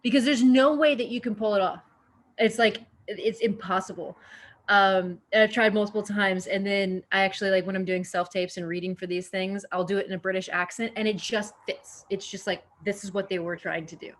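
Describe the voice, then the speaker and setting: An actress answering interview questions in a casual, chatty way, with frequent fillers and restarts. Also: female voice, mid-range voice, steady tone, a little fast. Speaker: actor, podcast guest.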